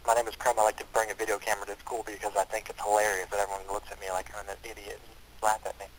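A man with a lowish voice rattles off deadpan jokes at a brisk clip on a casual podcast. A faint hiss runs under his voice. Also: rough recording. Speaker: podcast co-host. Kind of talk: casual comedy podcast banter.

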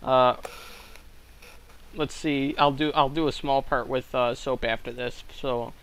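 A man hosting a casual comedy podcast, trading dry, deadpan banter. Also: medium pitch, a little slow, slight background noise, rough recording. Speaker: podcast host.

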